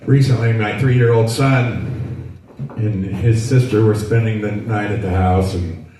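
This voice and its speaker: A man's voice: lowish voice, measured pace, dark tone. A man in his sixties doing a stand-up routine in a dry, rambling storytelling way. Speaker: stand-up comedian. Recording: echoey venue, mic from far off, faint noise.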